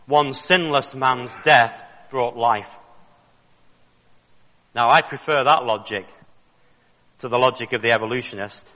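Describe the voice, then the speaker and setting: Male preacher, fervent and insistent, bright raised voice, long hall reverb. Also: medium pitch, measured pace, long pauses. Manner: fervent, rising to emphatic questions. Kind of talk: sermon.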